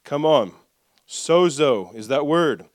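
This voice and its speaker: A man preaching a sermon, reading scripture aloud and leading the congregation in call-and-response, with soft asides. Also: on the high side, slow pace, dry recording, clean studio sound. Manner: lively, drops soft for asides. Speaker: pastor.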